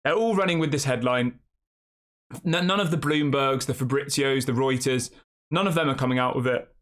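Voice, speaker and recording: A man's voice: mid-range voice, normal speed, a bit bright. A man hosting a fan channel live stream, rambling casually and reacting to the chat with rhetorical questions.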